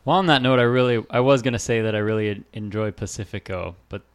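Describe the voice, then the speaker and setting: A laid-back man chatting on a podcast, talking in a relaxed, hesitant way. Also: on the low side, fast, clear, resonant tone. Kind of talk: casual chat.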